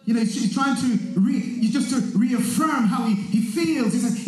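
A man preaching a sermon in church, emphatic, breaking into shouts and acting out the people he quotes. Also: very high voice, moderate pace. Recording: very echoey hall.

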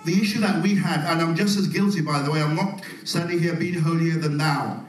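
A man preaching a sermon, calling out to the congregation and swinging between loud, rising passages and soft, quiet ones. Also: on the high side, fairly even intonation, brisk. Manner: call-and-response preaching, swelling loud then dropping soft. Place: church. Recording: echoey church hall, mic at a distance.

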